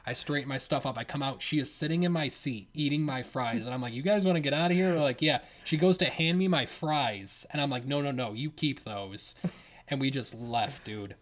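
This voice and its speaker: A man's voice: medium pitch, a little fast. A young man telling a funny story in casual chat, laughing as he goes and saying "dude" and "man" a lot. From Detroit, Michigan.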